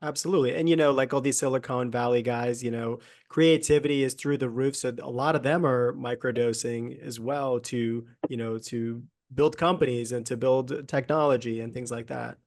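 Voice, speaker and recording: A man's voice: medium pitch, fairly even intonation, normal speed, hardly any pauses, a little mellow. A man hosting a podcast interview, talking casually and eagerly with many filler words. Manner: enthusiastic, many "you know" fillers. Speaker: podcast host.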